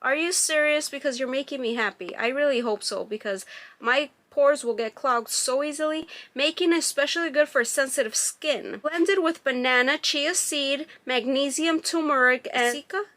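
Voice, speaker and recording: A woman vlogger talks through a beauty box unboxing in a casual review, reading product labels aloud and gushing over the packaging. Her voice is high-pitched and a bit bright, at a moderate pace.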